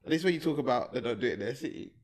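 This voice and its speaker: Man, casual podcast co-host, middle pitch, storyteller who laughs at his own tale. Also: animated, very fast. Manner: storytelling, laughs through punchlines. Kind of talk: casual chat.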